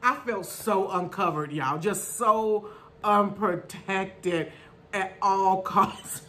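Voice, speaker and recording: A middle-aged woman vlogger telling a story in a casual, animated way, laughing often and calling her viewers y'all and honey. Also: medium pitch, takes it slowly, slight background noise.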